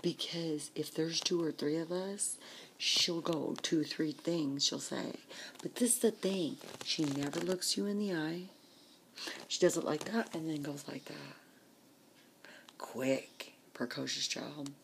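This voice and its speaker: A woman with a low, gravelly voice vents in an exasperated, complaining casual vlog. She talks slowly and often drops to a hushed whisper. A faint hiss of noise sits under the recording. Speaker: vlogger.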